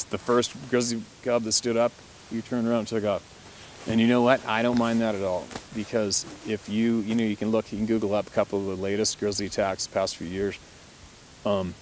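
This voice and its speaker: Chatty man with a low voice. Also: slight background noise. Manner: relaxed, chatty, laughs often, mild swearing. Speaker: hunting guide. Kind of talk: casual storytelling to camera.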